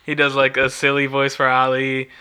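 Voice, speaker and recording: A man's voice: medium pitch, completely flat delivery, moderate pace, sharp tone, clear, resonant tone. A man co-hosting a casual podcast chat, recapping a film, laughing often and acting out quotes. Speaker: podcast co-host.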